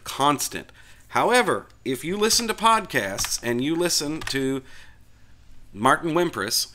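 A middle-aged man hosting a Linux video channel, talking through a casual opinion rant with animated, frustrated asides and conversational fillers. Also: fairly low pitch.

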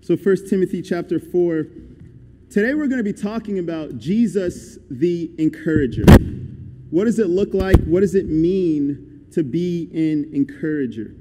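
A man's voice: high-pitched, lively intonation, a little slow, warm tone, slight background noise. A young man giving a guest sermon in a conversational, upbeat and encouraging way. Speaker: guest preacher. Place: church hall. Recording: echoey church hall.

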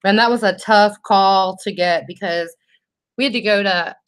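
A woman hosting a live makeup tutorial vlog. She chats warmly and personally, reads out viewer comments, and often restarts her sentences with "um". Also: medium pitch, moderate pace, clean tone. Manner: chatty and heartfelt, with frequent restarts and "um". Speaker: makeup vlogger host.

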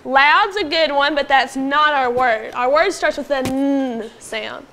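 A woman teaching a phonics lesson to young pupils in a classroom, patiently prompting them and sounding out words slowly. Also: high-pitched, gravelly, pushed and bright, a little hiss or hum. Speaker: elementary school teacher.

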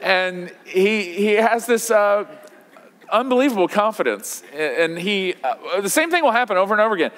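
A man in his thirties preaches to his congregation, talking in a loose, conversational way, full of fillers and restarts. His voice sits a little high for a man. Long reverb from the church hall trails after his words. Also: big pitch swings, normal speed, a bit bright. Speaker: pastor. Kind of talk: sermon. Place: church auditorium.

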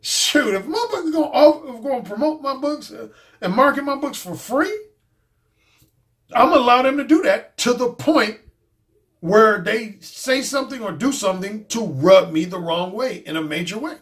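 A man's voice: extremely high pitch, moderate pace, fairly bright tone. Blunt, profane man talking. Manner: blunt, profane, repeats himself. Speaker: dating coach and YouTube host. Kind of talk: casual monologue commentary.

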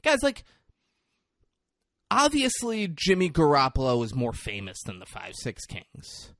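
A man's voice: a little high, huge pitch swings, unhurried, a bit bright, dry recording, clean studio sound. A man hosting a comedy podcast, ranting in a casual, profane, jokey way. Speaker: podcast host.

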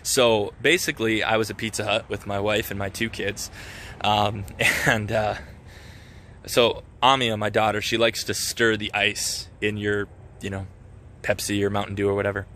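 A man's voice: on the low side, level tone, moderate pace, pushed and bright, slight background noise. A young man talking casually in a devotional vlog, earnest and self-reflective, with lots of fillers and restarts. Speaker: Christian vlogger.

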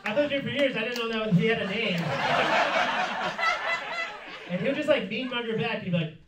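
A man's voice: extremely high pitch, brisk, a loud crowd, heavy background noise. A man performing a stand-up comedy set in a club, telling a story and laughing through his lines. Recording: roomy club sound from far off, loud audience.

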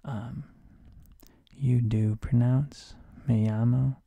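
A man in a whispered role-play as a sleepy teacher, talking slowly and softly with a gravelly edge. His voice is hoarse from a sore throat and sits close on a dry mic. He drops deadpan jokes in the same hushed tone. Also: medium pitch, no echo. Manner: soft, sleepy, with deadpan joke mispronunciations. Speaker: streamer playing a Spanish teacher.

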